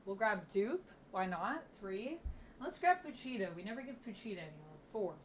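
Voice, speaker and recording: A woman's voice: mid-range voice, animated, normal speed, a little hiss or hum. A woman streaming live, chatting playfully with her viewers and counting out exercises aloud. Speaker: gaming livestreamer. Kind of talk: casual livestream chat with viewers.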